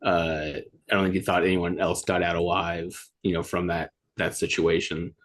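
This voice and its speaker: Man, co-host, casual chat, very low voice, hesitant, lots of fillers. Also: flat delivery, normal speed. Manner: hesitant, many fillers and restarts. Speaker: podcast co-host. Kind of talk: casual discussion.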